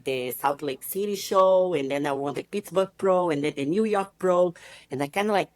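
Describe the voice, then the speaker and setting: A woman in her thirties with a Brazilian Portuguese accent and a low voice, speaking as a podcast guest. She tells her story in an animated, chatty way, acting out the voices of others. The sound is close and dry, with no room echo. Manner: animated, acts out quoted voices, many "you know, like" fillers. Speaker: podcast guest, bikini competitor. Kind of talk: casual interview storytelling.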